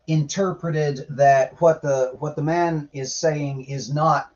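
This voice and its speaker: A man's voice: fairly high pitch, fairly even intonation, takes it slowly, hardly any pauses, a little mellow, muffled recording. A man giving irreverent, sarcastic casual commentary while reading scripture aloud, swearing now and then. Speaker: podcaster reading and commenting on the Bible.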